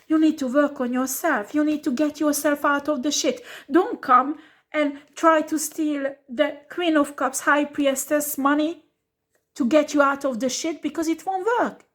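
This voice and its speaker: A woman's voice: high voice, steady tone, a little slow. Scolding, foul-mouthed woman tarot reader. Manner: scolding, blunt and profane; emphatic, repeats rhetorical questions. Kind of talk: tarot card reading.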